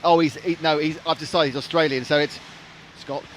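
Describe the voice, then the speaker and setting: A man's voice: a little high, fairly even intonation, fast talker, fairly bright tone, a little hiss or hum. A man, chatting and joking as a live racing stream commentator. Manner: chatty, jokey, rambling.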